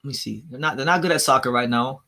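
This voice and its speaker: Bright-voiced man chatting on a stream. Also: mid-range voice, fast, creaky. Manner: rambling, repeats himself, laughs at his own jokes. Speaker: livestream host. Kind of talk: casual livestream chat reading viewer comments.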